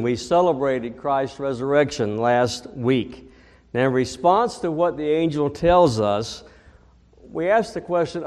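Guy preaching slow and steady, mid-pitched, booms out the big lines, lots of hall echo. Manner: slow, deliberate, builds to booming emphasis in stories. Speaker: pastor. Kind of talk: sermon with storytelling. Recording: long reverb of a large hall.

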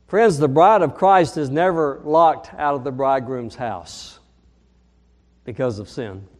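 A man preaching a sermon as pastor, earnest, leaning slowly on key phrases. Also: mid-range voice, long reverb tail.

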